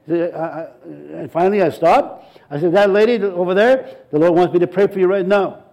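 A male pastor with a high-pitched voice preaches briskly over poor audio. His sermon features animated stories, acted-out dialogue, and frequent repetition.

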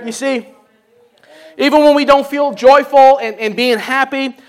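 High-voiced man preaching a folksy sermon. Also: steady tone, unhurried. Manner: chatty and exclaiming, leans on "you know". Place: church service.

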